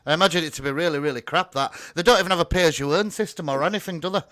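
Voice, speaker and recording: A man's voice: a little high, rapid-fire, a bit bright. A man hosting a casual live chat, joking, swearing and laughing often. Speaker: host.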